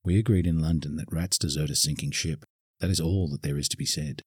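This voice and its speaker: Man playing a weary English gentleman, formal, clipped, deep, husky. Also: steady tone, fairly quick, dry recording, clean studio sound. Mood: cold.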